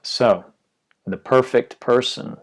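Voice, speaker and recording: A man giving a calm, reflective dharma talk as a yoga teacher, his phrases often trailing off softly. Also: medium pitch, slow pace.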